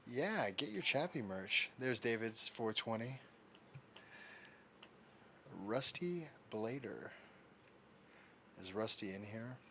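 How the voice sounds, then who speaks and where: A man's voice: mid-range voice, expressive, takes it slowly, pauses often, bright, forceful tone, a little hiss or hum. A young man hosting a livestream, chatting casually and reading viewer comments aloud while fixing his setup. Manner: rambling, reads chat aloud while fiddling with setup. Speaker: livestream host.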